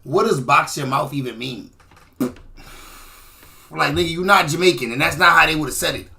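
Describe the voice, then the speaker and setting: A man with a high, bright voice talks over interview clips, cracking jokes and swearing freely. His tone is loose and mocking, and he often bursts into loud laughter and shouting. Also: normal speed, vocal fry. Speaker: commentator reacting to clips. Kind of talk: casual reaction commentary.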